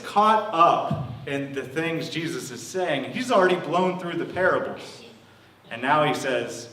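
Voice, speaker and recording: Animated male pastor preaching in an echoey church. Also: on the high side, a little slow. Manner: animated storytelling, acting out quoted voices. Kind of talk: sermon. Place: church hall. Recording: echoey room, from a distance.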